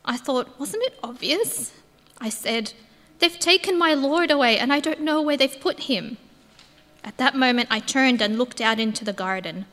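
Portraying Mary Magdalene, a woman disciple moving from grief to overwhelming joy, a woman reads an earnest first-person story in a church with echoing acoustics. Her high voice is expressive and fairly bright at a normal speed, and she sounds tearful and full of awe.

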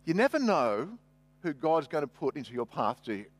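A man's voice: fairly high pitch, sing-song, normal speed. A man preaching a sermon, conversational with humorous asides. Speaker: pastor.

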